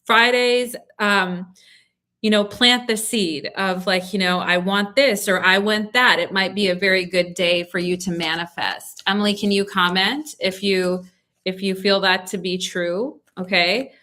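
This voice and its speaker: A young woman with a bright, clear voice reads tarot cards live for her viewers. She talks in a soothing, reassuring way and keeps checking in with them as she goes. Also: medium pitch, fairly even intonation, measured pace. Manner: soothing, reassuring, lots of "okay?" check-ins. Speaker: tarot reader. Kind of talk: live-stream tarot reading.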